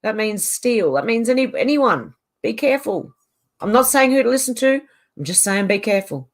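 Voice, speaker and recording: A woman's voice: on the high side, very animated, normal speed. A middle-aged Australian woman chatting casually from her home on a livestream, reading out and answering viewer comments. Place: home on a mountain.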